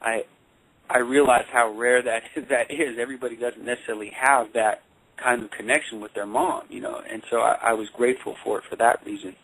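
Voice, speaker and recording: A man working as a life coach and counselor, telling a personal story in a phone interview with halting speech and frequent repeated words. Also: medium pitch, steady tone, vocal fry, fairly bright tone, rough recording.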